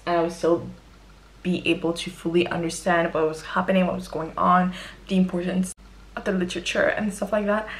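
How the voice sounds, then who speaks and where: A young woman chatting to camera about books she has read. Her voice sits a little low for a woman, and she talks in a loose, expressive way with quick, dramatic reactions. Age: young adult. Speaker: book vlogger. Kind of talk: casual book review monologue.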